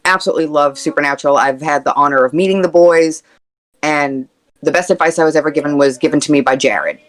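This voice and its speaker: A woman guest on an interview podcast, talking candidly and earnestly with quick playful quips. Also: sits low, low-quality recording. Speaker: guest, content creator and actor. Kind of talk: casual interview chat.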